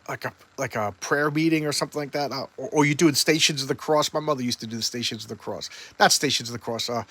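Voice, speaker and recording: A man casually retelling a comic book story in a loose, rambling way, with many fillers and restarts. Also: medium pitch.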